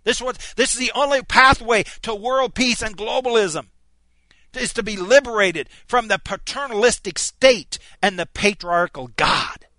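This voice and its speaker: A man preaching a sermon, impassioned, swinging from near shouts down to low, quiet asides. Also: measured pace, dry recording.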